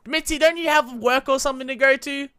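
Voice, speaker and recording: A young adult commentating a life-simulation game in a casual, slangy, excitable way, laughing often. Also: sits high, fairly quick. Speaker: gameplay commentator. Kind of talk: casual Let's Play commentary.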